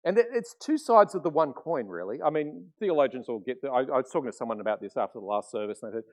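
A middle-aged man preaching a sermon as pastor, conversational and animated, often acting out quotes. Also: medium pitch, quick pace.

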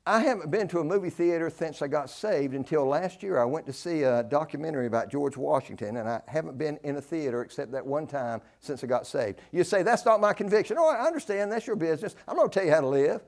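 An older man preaching a sermon, emphatic, repeating key phrases and swinging between loud declarations and hushed asides. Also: on the high side, lively intonation, fast, creaky, few pauses.

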